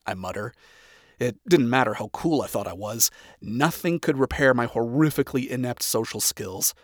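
A man reading a first-person story aloud, with sarcastic, profane, deadpan asides. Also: mid-range voice, normal speed, no room sound, studio quality. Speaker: story reader.

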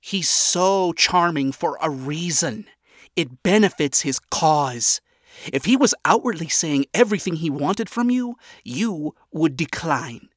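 Man reading as a skeptical, blunt woman in an audiobook, measured and lecturing, dry sound. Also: on the high side, animated, a bit bright, no room sound. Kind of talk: audiobook character voice.

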